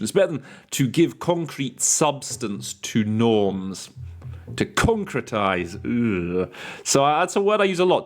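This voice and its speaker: A man coaching interpreters in a casual teaching talk, thinking aloud with fillers and restarts and telling chatty anecdotes. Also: medium pitch.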